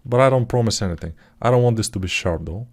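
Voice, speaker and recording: A man talking through his 3D sculpting work in a live tutorial, thinking aloud in a relaxed, self-deprecating way, with typing heard behind him. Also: fairly low pitch, fast, slightly rough. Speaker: 3D artist tutor.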